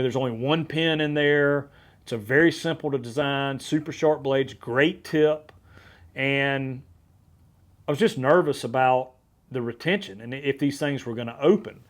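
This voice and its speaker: A man hosting a podcast, telling a hunting story in a casual, energetic way with frequent restarts. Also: medium pitch. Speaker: podcast host.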